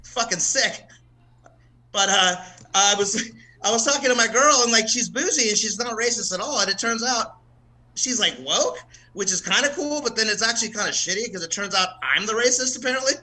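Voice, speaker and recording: A man's voice: high-pitched, a little fast, pushed and bright, poor audio. A man from the American South doing a casual, profane stand-up set at an open mic, laughing at his own jokes. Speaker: stand-up comedian.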